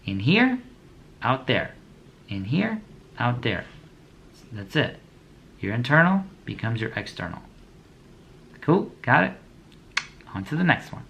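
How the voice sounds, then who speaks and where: A man's voice: medium pitch, sing-song, measured pace, vocal fry, long pauses, fairly bright tone, lo-fi sound, a little hiss or hum. A young man giving a motivational talk to small business owners, with a preachy, blunt delivery, slang, and slogans he repeats over and over. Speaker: motivational speaker.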